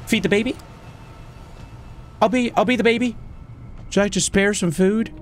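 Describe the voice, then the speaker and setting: A young man giving excitable let's play commentary, often shouting, swearing and laughing. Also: high voice, moderate pace, a little hiss or hum. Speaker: gaming YouTuber.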